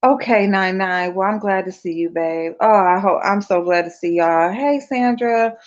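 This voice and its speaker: A woman's voice: medium pitch, moderate pace. A woman hosting a casual livestream, talking bluntly and profanely straight to her chat. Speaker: livestream host. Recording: dull lo-fi livestream audio.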